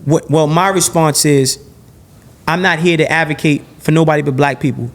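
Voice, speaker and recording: High-voiced man, animated and blunt. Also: normal speed. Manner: animated and repetitive, stacking phrases and restarting; blunt and profane. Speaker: podcast guest. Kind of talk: heated podcast interview.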